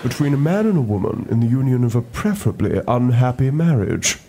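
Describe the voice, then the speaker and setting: A man's voice: mid-range voice, very animated, brisk, mellow, pitched above the performer's own voice. A man impersonating a stiff, formal upper-class politician in a comedy sketch. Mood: prim. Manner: prim, stiff, formal delivery. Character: prim stuffy upper-class male politician.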